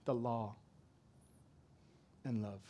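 A middle-aged man preaching a sermon, swinging from loud to soft as he tells a story. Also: medium pitch, fairly even intonation, drawn-out words, slight background noise. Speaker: pastor.

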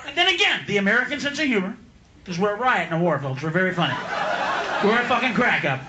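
A man's voice: high voice, very animated, fast talker, highs cut off. A man performing a profane, mocking stand-up comedy routine, laughing mid-line, at a live comedy venue. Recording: echoey live room with loud crowd.

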